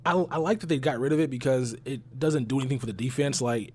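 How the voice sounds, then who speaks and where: A man's voice: mid-range voice, fast talker, a little mellow. A man from Texas hosting a casual gaming podcast, talking loosely and rambling with easy laughs. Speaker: podcast host.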